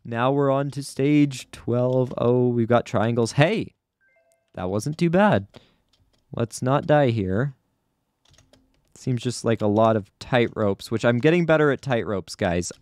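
A man's voice: medium pitch, expressive, slow pace, darkish tone, no room sound. A young man giving casual, chatty commentary over his own gameplay, often flustered and poking fun at himself. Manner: chatty, self-deprecating, easily flustered. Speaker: gaming YouTuber.

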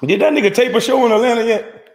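A man's voice: very high voice, fast. A man, ranting to the camera in a taunting, profane way and laughing between lines. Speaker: vlogger. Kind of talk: confrontational rant to camera.

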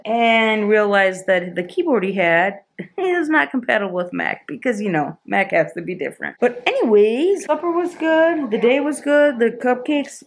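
A woman hosting a casual home vlog from her living room, chatting and laughing often. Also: mid-range voice. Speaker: vlog host.

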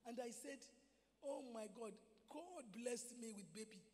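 A woman with a Nigerian Igbo accent preaching a sermon at a convention, impassioned and at times shouting exhortations. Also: on the high side, measured pace. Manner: impassioned, shifts between speaking and shouting exhortations. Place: convention hall. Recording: long hall reverb.

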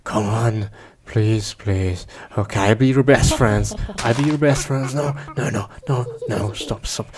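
A man voicing a big bad wolf in an animated cartoon who blusters, then stammers and begs. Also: fairly low pitch, a little slow, background noise, natural voice. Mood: panicked pleading. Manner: whiny pleading with nervous stammering.

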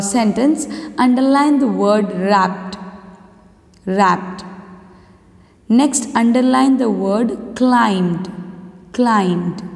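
A woman teacher with an Indian English accent reads a story aloud slowly and pauses to explain words. Her voice sits fairly high. The room has a long, echoing reverb. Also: mellow. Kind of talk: online class reading lesson.

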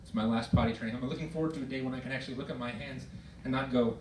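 A middle-aged man performing stand-up comedy, telling stories in an exasperated way with shouted outbursts. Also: mid-range voice, steady tone, racing. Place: performance hall with a live audience. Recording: roomy hall recording from far off, loud noise.

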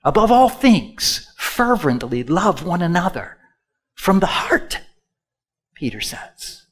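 A male pastor preaching a sermon, swinging from loud emphatic lines to hushed asides and having the congregation repeat words after him. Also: high voice, sing-song, slow pace, slightly rough.

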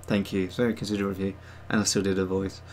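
Low-pitched and flat, this host talks rapid-fire on his digital sculpting livestream. He rambles casually, reads the chat aloud, and jokes at his own expense.

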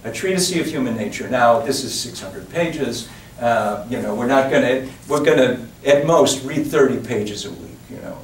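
A man's voice: medium pitch, a little slow. A man giving a public lecture, talking with digressions and emphatic asides to his audience in a lecture room. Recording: roomy, distant lecture-hall recording with faint noise.

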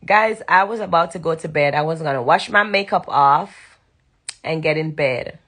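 This is a young woman with a Jamaican accent, a dancehall singer, thanking fans during a casual live stream from her bedroom at night. Her voice sits low, a bit bright and slightly rough, at a moderate pace. She talks emphatically and repetitively, sliding into patois.

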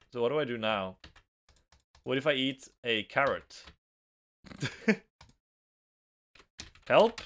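Slow-talking Norwegian man playing a game. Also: lowish voice, a bit bright. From Norway. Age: young adult. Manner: reads game text aloud, chatty, nervous giggles. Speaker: let's play host. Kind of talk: casual gameplay commentary.

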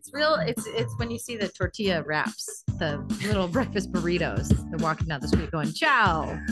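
A woman co-hosts a morning radio show, chatting casually with a lively, swinging voice. She laughs often, and music plays under her talk. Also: fairly low pitch, fairly quick. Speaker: radio co-host.

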